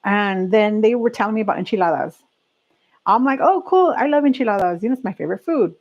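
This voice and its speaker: On her laid-back chat stream, this woman from California reads things out, gives forceful opinions, laughs a lot and addresses viewers directly. She talks fast at a medium pitch, and the recording has its highs cut off.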